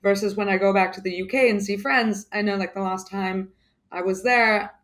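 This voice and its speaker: A woman with a mixed English accent talks loosely as an interview guest, circling her points with plenty of fillers and restarts. Her pitch sits in an ordinary middle range, and the delivery stays casual and unscripted. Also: fairly even intonation, normal speed, a bit bright. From United Kingdom. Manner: rambling, many fillers and restarts. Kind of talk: casual conversation.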